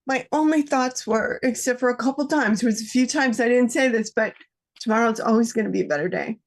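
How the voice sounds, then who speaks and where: A woman calling in, sharing a personal story in an emotional, halting way with many fillers. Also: fairly high pitch. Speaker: caller. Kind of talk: casual chat.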